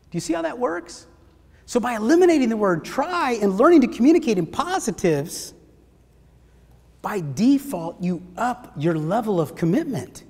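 High, lively male motivational speaker. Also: normal speed, breathy edge. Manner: energetic, asks the audience questions. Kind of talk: motivational seminar talk. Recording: long hall reverb.

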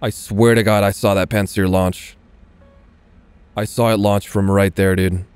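A man's voice: on the low side, level tone, a little slow, darkish tone, clear, resonant tone, no room sound. A man giving casual, swearing gameplay commentary as he plays, talking half to himself and half to viewers. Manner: muttering, swearing asides to viewers. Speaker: gaming video creator.

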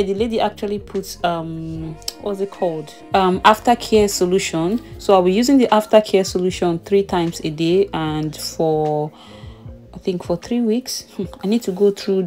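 A young woman tells her vlog in a loose, chatty voice-over, often slipping into a short laugh. Her pitch sits right in the middle for a woman, and faint music plays underneath. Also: warm tone. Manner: chatty, with frequent small laughs. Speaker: mother vlogging her baby's ear piercing. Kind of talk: casual voice-over narration.

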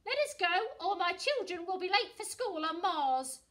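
A woman voicing a squeaky alien parent in a spaceship, speaking slowly in a storybook. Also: very animated, fairly bright tone, full character voice. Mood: squeaky pleading. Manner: squeaky, slow and stretched.

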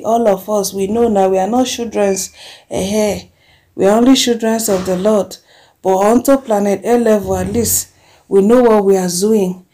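A woman with a Nigerian accent, chatting about celebrity gossip and reading fan comments aloud with lively exclamations. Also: mid-range voice.

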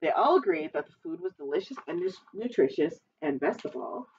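A woman's voice: fairly low pitch, animated, a little fast, darkish tone, recorded from a distance, muffled recording, a little hiss or hum. A woman librarian reading a picture book aloud at storytime, adding chatty asides to the children.

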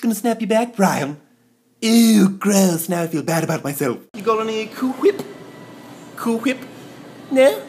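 A man's voice: high-pitched, expressive, measured pace, pauses often, a little mellow, slight background noise, pitched above the performer's own voice. A man putting on the voice of a bratty, scheming baby boy with a posh English accent, haughty and theatrical. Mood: chatty. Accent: put-on posh English. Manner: haughty, theatrical, sudden squeals. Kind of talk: comedy sketch impression.

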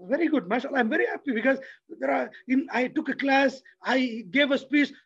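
A man giving a motivational religious talk, lively and preacherly, who keeps asking his audience rhetorical questions. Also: very high voice, moderate pace, vocal fry, husky, lo-fi sound. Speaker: lecturer.

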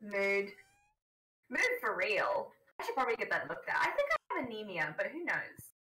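A woman's voice: medium pitch, sing-song, normal speed, sharp tone. A woman co-streaming a game in casual chat, playful and exclamatory. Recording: roomy distant mic with faint hiss.

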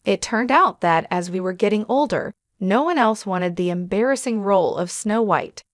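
A woman tells a first-person story in scripted narration, keeping a steady, measured pace. Her pitch sits in a middle range. The recording is dry and close, with no room sound. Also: no echo.

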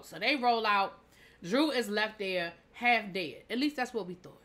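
A woman's voice: mid-range voice, moderate pace, pushed and bright. A woman reviewer giving a casual episode recap, opinionated and heated, acting out scenes in quoted dialogue. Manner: opinionated, heated rhetorical asides. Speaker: TV show reviewer.

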